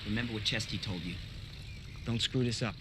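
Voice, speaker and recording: An actor playing a brash, wisecracking marine buddy. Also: male voice, fairly low pitch, a little fast, heavy background noise, close to an everyday voice. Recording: film clip under loud score.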